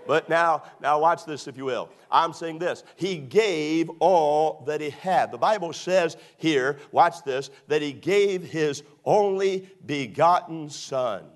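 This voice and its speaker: A man's voice: a little high, slow pace, hardly any pauses. A middle-aged man preaching a sermon to his church, restarting his sentences and repeating emphatic phrases. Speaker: pastor. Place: church sanctuary.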